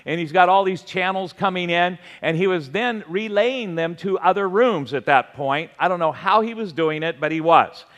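A pastor delivers an earnest, storytelling sermon, his voice fairly high for a man. His words carry a long reverb, the sound of a big church sanctuary. He talks conversationally and acts out the dialogue. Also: moderate pace, few pauses, fairly bright tone, lo-fi sound. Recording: long reverb, large hall.

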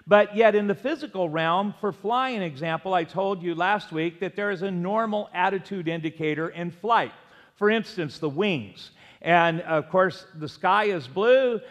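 A man's voice: sits high, fairly bright tone. A male pastor preaching a sermon, emphatic and prompting the congregation to repeat after him. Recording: long hall reverb.

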